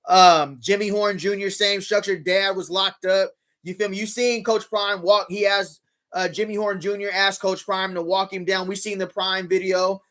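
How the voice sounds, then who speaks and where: A man's voice: sits high, level tone, normal speed, a bit bright. A man hosting a casual livestream, talking in slang and hyping up his chat. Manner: slangy, hyped, talks straight to chat. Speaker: livestream host. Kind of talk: casual livestream reaction commentary.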